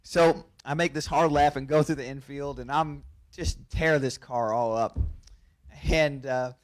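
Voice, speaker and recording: A race car driver telling a lively anecdote at a press conference, laughing through it and restarting his sentences quickly. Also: mid-range voice.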